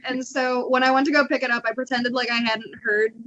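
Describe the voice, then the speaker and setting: Brief: woman podcast co-host, a bit high-pitched, lively storyteller who acts out quotes, muffled lo-fi sound. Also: a little fast, slight background noise. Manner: animated, laughs often, acts out quotes. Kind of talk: casual storytelling chat. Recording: dull lo-fi podcast audio.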